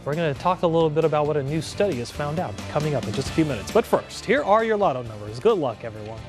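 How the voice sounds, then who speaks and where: A man's voice: on the high side, animated, fast, music in the background. Upbeat male TV news anchor. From Texas. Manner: smooth, conversational anchor delivery with light banter. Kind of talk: local TV newscast reading.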